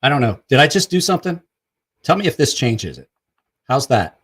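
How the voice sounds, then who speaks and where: A man's voice: medium pitch, very animated, brisk, a bit bright, husky. A man hosting a casual vlog, chatting and laughing while trying out a new microphone. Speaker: vlog host.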